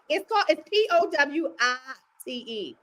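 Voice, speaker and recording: An older woman with a Baltimore accent and a high, bright voice chats with a laugh never far away. Her voice is worn and going hoarse, and she teases as she talks. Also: unhurried. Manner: laughing, animated, teasing. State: losing her voice. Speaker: podcast co-host. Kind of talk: casual chat.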